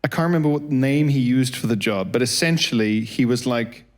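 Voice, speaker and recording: A man's voice: medium pitch, brisk, a little mellow. A male comedian co-hosting a live podcast show, telling a rambling, swearing anecdote on stage. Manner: rambling anecdotal, swearing, laughing mid-story.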